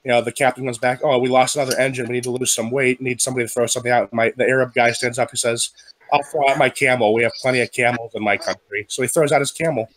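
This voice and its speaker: A podcast regular tells long jokes in a casual group chat, moving easily through the setups. He's a smooth storyteller with quick voice changes for quoted characters, speaking in a mid-range, fairly even, slightly bright voice.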